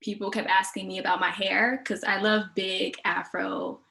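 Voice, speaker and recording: A young woman from Houston talks as a guest in a relaxed, chatty way. She laughs easily between her answers, and her voice sits at a middling pitch. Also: moderate pace, gravelly, poor audio. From Houston, Texas. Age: young adult. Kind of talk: casual interview answers.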